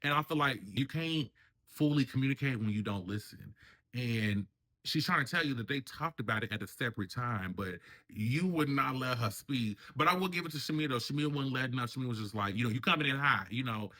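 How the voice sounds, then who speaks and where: Bright-voiced man chatting show commentary. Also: medium pitch, brisk. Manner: chatty, acts out cast members' lines in raised voices. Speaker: reality TV commentary host. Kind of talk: casual review commentary.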